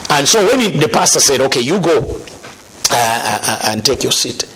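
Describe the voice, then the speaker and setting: A middle-aged man telling his conversion story as a guest, animated and laughing now and then. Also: mid-range voice, a little fast, breathy edge. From Zambia. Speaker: guest sharing testimony.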